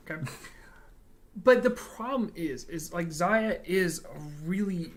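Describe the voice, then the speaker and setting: A man co-hosting a reaction livestream from home, talking in an animated, joking way and swearing freely. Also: sits high, slow pace. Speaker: co-host of reaction stream. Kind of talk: casual livestream chat.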